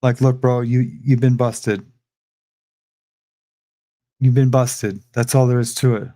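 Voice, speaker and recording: A man's voice: mid-range voice, flat delivery, slow pace, dark tone. A young adult man hosting a livestream, rambling defensively and repeating himself in a heated rant. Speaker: livestream host.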